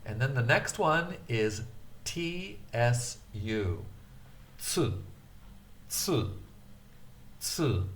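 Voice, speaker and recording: A man teaching a beginner Japanese lesson, hesitant with many filler sounds, repeating words slowly for students to practice. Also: lowish voice, a little hiss or hum.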